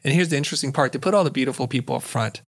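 A middle-aged man, a guest in an interview, telling a story in an animated way and acting out the lines of the people in it. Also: mid-range voice, racing. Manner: vivid storyteller who acts out quoted dialogue.

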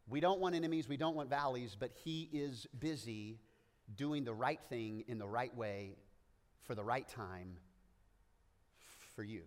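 A man preaching a sermon, joking and animated, with playful asides and frequent stammering restarts. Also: medium pitch, in a large hall. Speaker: pastor.

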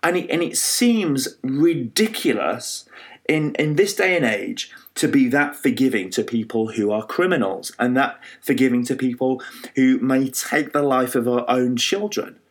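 A man preaching a sermon, retelling a parable with lively storytelling, frequent fillers and restarts. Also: mid-range voice, a little slow. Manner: animated storytelling with many fillers and restarts, acting out quoted voices.

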